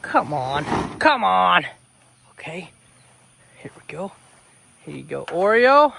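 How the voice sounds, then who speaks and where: A man talks to the camera while he fusses over his farm animals, cooing and sweet-talking them. He speaks in an unhurried drawl. His voice sounds close and dry, with no room echo. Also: sits high, sing-song, vocal fry, sharp tone. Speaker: homesteader vlogger. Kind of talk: casual vlog talk to camera. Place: outdoors on a farm by a cattle fence.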